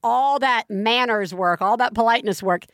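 Woman, podcast co-host, gravelly fry, raised pitch, dry close mic, animated storytelling. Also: moderate pace, no room sound. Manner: animated storytelling, voice jumps high when exasperated. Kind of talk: casual chat.

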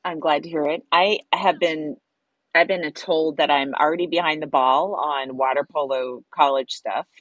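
A middle-aged woman co-hosts a casual chat in a lower voice. She talks candidly and wryly, dropping casual swears as she vents. The sound is close and dry. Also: steady tone, moderate pace, dry recording, highs cut off. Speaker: podcast co-host.

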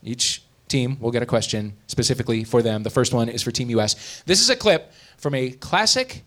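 A man's voice: medium pitch, brisk. A man hosting a live comedy game show, playful and laughing as he runs the rounds. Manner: lively, laughing, playful emcee. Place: live venue before an audience.

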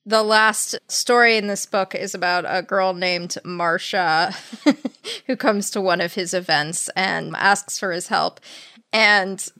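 A woman's voice: medium pitch, slow, no room sound. A woman co-hosting a podcast, reading book passages aloud and telling the story with wry humor. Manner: wry, animated storyteller who laughs often. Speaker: podcast co-host. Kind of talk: casual chat, reading book excerpts aloud.

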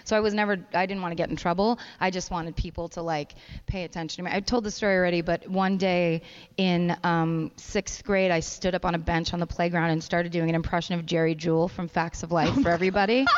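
Low-voiced woman telling stories on stage. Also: fast, clear, resonant tone. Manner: self-mocking, animated anecdotes. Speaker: guest comedian. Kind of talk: candid storytelling on stage. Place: live stage at a comedy festival. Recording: long hall reverb, dull live recording.

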